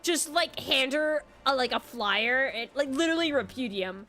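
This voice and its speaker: A young woman with a slightly high voice chatting casually over her gameplay, quick to curse and joke. Her commentary stays loose and unscripted. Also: animated, sharp tone, faint music behind. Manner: laughing, swearing, chatty reactions. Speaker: streamer.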